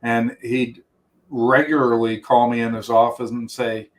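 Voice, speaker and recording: A middle-aged man of ordinary, mid-range pitch telling long stories as an interview guest. He rambles, restarts sentences and jumps around between memories. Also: level tone, measured pace. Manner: rambling storyteller with many restarts and quoted voices. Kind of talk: reminiscing interview talk.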